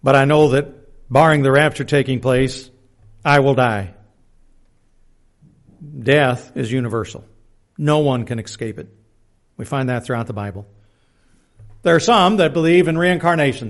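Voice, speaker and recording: A man's voice: mid-range voice, moderate pace, long pauses. A man preaching a Bible lesson, reading verses aloud and adding plain-spoken personal asides, often restarting his words. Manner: reads scripture aloud, plain-spoken, self-deprecating asides. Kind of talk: Bible teaching sermon.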